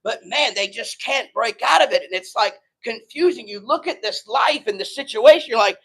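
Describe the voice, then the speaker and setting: A man's voice: very high voice, expressive, normal speed, few pauses, a bit bright, breathy edge, rough recording. A man preaching a sermon in a casual, emphatic way, often checking in with the congregation. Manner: emphatic, conversational preaching with frequent "right?" and "man". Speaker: pastor.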